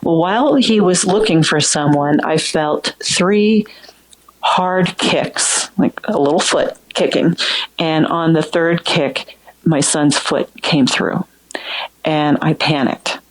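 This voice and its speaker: Guest, woman with a notably low voice, earnest emotional storyteller, halting delivery. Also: poor audio. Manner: earnest, halting, recounting with restarts. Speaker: guest sharing a personal story. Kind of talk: emotional first-person storytelling.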